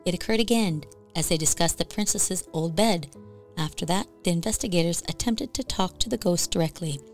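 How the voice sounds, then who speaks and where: Lower-voiced woman narrating a ghost story. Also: soft background music. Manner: even, measured storytelling of a ghost tale. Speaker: podcast storyteller. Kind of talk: scripted narration.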